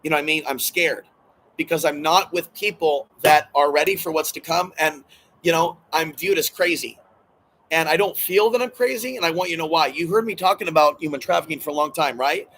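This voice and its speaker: A man speaks alone to camera in a rambling vlog monologue, his voice pitched a little high for a man. He sounds agitated and hurt, circling back on the same phrases and swearing freely. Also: a little fast, a bit bright, a little hiss or hum, low-quality recording. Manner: agitated, emotional, repetitive, swears often. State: distressed and hurting. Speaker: channel host.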